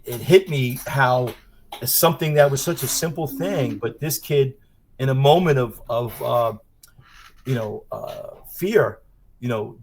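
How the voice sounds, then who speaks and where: A man who teaches martial arts, talking through his children's book in a casual interview, rambling with many fillers as he tells stories. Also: mid-range voice. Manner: rambling, storytelling with frequent fillers. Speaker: martial arts instructor and author.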